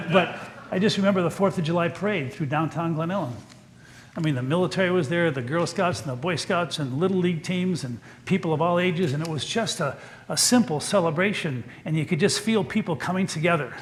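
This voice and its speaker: An older pastor delivers a folksy, storytelling sermon in a church. His voice sits slightly high for a man and stays gentle and earnest. Faint ambient noise hangs in the background. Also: a little fast.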